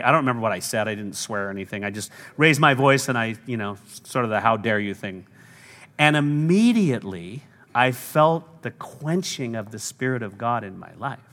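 A man's voice: mid-range voice, a bit bright. A man preaching a sermon as lead pastor, telling stories and acting out the voices of people he quotes. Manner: storytelling preacher, acts out quoted voices, laughs now and then. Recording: long hall reverb.

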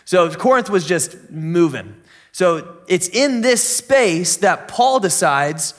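Upbeat high-voiced young preacher man. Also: animated, takes it slowly. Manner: enthusiastic, conversational, jokey preaching. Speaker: pastor. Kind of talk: sermon.

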